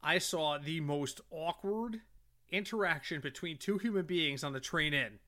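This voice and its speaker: A middle-aged man co-hosting a casual podcast, an animated storyteller who swears freely. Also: fairly high pitch, measured pace. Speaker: podcast co-host.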